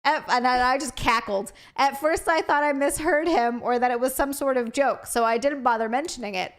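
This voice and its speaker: Perempuan muda bersuara nyaring ini menjadi co-host sebuah obrolan santai. Ia cerewet, cepat menanggapi, dan suka menggoda lawan bicaranya. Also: female voice, sits high, normal speed. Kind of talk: casual chat.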